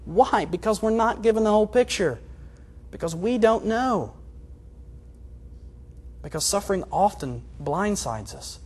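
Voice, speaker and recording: A man preaching a sermon in an earnest, confessional way, moving between hushed and loud passages. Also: high voice, expressive, unhurried, pauses often, husky. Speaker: pastor.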